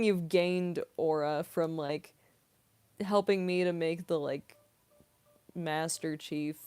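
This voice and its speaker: A woman's voice: on the low side, a little mellow, clear, resonant tone. A young woman, a voice actress, chatting casually on a livestream as she answers viewer questions. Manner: chatty, giggly, heavy on "like". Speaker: voice actress, streamer.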